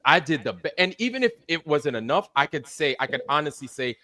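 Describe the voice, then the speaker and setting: A man's voice: fairly high pitch, very animated, a little fast, pushed and bright, no echo. A man in casual online chat, heated and swearing constantly as he vents. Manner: heated, profane, ranting.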